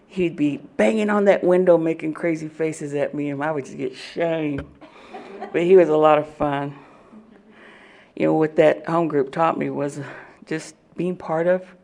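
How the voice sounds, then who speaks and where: A woman giving an animated personal testimony at a recovery meeting, laughing often as she tells it. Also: low voice, vocal fry. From Oklahoma.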